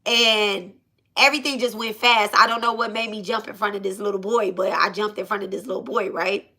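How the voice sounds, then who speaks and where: Animated Black woman telling a story. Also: medium pitch, normal speed. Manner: animated, repeats phrases, swears freely. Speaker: channel host. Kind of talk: casual storytime.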